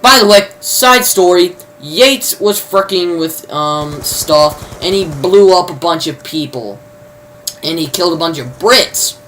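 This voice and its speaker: A man's voice: fairly high pitch, expressive, a little slow, sharp tone, slight background noise, poor audio. A man reviewing a TV show in a loose spoken recap, rambling and leaning constantly on "you know" fillers. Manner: informal, mild swearing substitutes.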